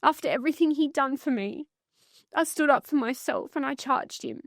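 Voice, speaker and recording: Australian woman guest, higher voice, intense and blunt, dry close sound. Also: normal speed, no echo. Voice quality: earnest, intense, blunt with swearing. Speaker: psychotherapist guest. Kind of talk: emotional personal story in podcast conversation.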